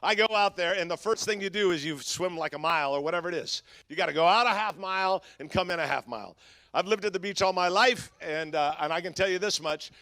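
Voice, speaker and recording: A man preaching a sermon as pastor, swinging between loud bursts and hushed lines in a chatty way. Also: high voice, no echo. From Southern California. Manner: swings from shouting to hushed, conversational with fillers.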